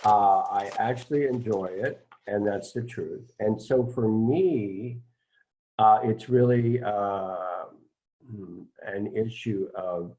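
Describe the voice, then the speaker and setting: A man's voice: on the low side, fairly even intonation, slow, warm tone, low-quality recording. A man who is a spiritual teacher, talking in a musing, hesitant way with many fillers during a casual satsang.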